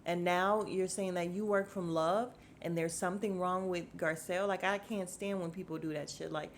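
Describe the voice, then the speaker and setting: A woman's voice: on the low side, fairly even intonation, normal speed, few pauses, slight background noise. A woman hosting a casual podcast, recapping a reality show in a blunt, sassy, profane way and acting out what people said. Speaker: podcast host.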